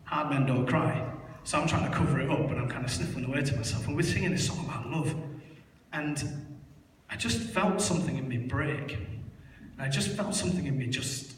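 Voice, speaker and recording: With a fairly high voice and a slightly fast pace, a young man candidly recounts his life in a personal church testimony, making fun of himself and using many fillers. He's in a large church hall, heard distantly through the echo, with slight background noise.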